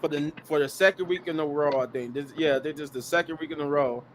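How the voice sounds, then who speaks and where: A man co-hosting a podcast, recapping events in an animated casual way and laughing easily. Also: on the high side, fast talker, slight background noise. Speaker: podcast co-host.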